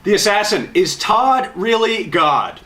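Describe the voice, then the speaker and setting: A man's voice: sits high, very animated, a little slow, bright, forceful tone. A man interviewing a guest, reading fan questions and giving short prompts and recaps.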